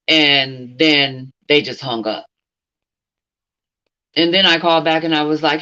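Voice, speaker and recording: A woman's voice: very deep voice, normal speed, a bit bright, highs cut off. A middle-aged woman hosting a casual livestream, blunt and outspoken, talking straight at someone who isn't there and answering her chat. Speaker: livestream host.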